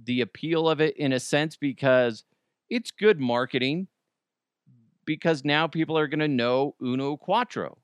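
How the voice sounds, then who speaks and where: This Colorado man hosts a casual solo podcast, rambling along and tossing in jokey asides at his own expense. His voice is a little high and a little slow, with a clean tone and no room sound.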